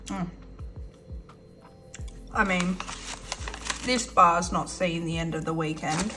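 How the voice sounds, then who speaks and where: Australian woman, budget vlogger, bright forceful voice, gushing, giggly, over soft music. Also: on the low side, takes it slowly, pauses often. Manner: chatty and effusive, giggly, talks while eating. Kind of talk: casual chat to camera.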